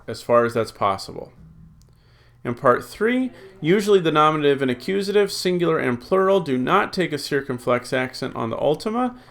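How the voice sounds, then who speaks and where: A man's mid-range voice carries this recorded classroom lecture on Greek. Slowly he drills word forms and recites rules, thinking aloud with frequent ums and uhs.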